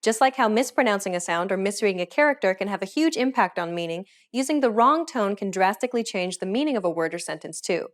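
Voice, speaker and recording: A woman giving a scripted pronunciation lesson, explaining sounds in a clear, measured way. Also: medium pitch, expressive. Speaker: pronunciation teacher.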